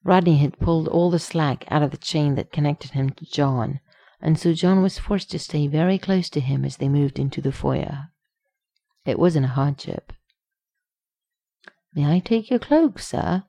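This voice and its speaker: A woman reading a story aloud as narrator, expressive and close to the microphone. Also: deep voice, moderate pace, creaky, dry recording. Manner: expressive, reads punctuation aloud. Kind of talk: audiobook reading of fan fiction.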